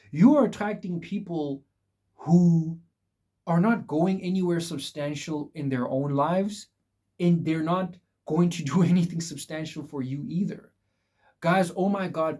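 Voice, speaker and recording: Young male vlogger, fairly high but mellow voice, blunt and repetitive, preachy advice. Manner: emphatic, repetitive, addresses viewers as guys. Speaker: vlogger giving life advice. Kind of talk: casual direct-to-camera advice talk.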